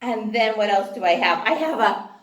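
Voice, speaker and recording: A woman teaching a phonics lesson to young children, slow and sing-song, with excited gasps. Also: medium pitch, reverberant.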